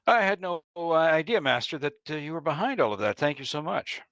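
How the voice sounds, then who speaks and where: Wry, lively-voiced man role-playing. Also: fairly high pitch, fairly quick, dry recording, highs cut off. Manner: wry, playfully polite. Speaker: player. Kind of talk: in-character tabletop role-play.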